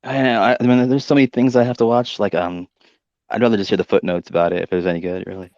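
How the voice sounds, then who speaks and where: Man, gravelly voice, low-key casual chat, dull lo-fi sound. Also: fairly even intonation, quick pace, a little mellow, dry recording. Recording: muffled lo-fi line.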